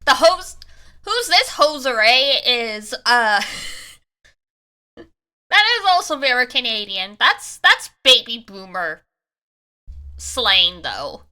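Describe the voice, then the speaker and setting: Bright, chatty woman streamer. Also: on the high side, big pitch swings, slow, pauses often. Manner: chatty, joking, laughs often. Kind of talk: let's-play commentary.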